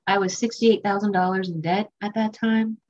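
Husky woman sharing her sobriety story, candid n a bit choked up, dull muffled recording. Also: mid-range voice, steady tone, normal speed, a little mellow. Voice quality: candid, emotional, self-mocking. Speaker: recovery meeting speaker. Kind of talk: personal recovery testimony.

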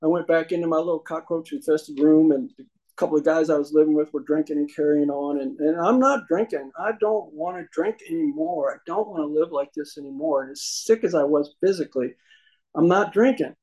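A man's voice: a little high, fairly quick, warm tone, poor audio. Folksy man telling his story. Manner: folksy, humorous, acts out quoted voices. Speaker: speaker sharing his recovery story. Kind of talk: storytelling talk to a meeting audience.

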